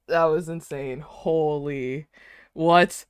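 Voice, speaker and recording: A woman's voice: low voice, smooth, dry recording, studio quality. A young woman streaming, reacting to a video with laughter and dramatic, repeated cries. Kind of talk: live stream reaction chat.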